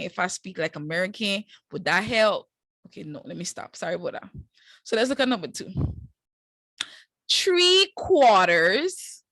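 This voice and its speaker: A woman's voice: fairly high pitch, fairly bright tone, dry recording. A woman teaching a live online math class, walking students through each step in a casual, encouraging way with slang asides.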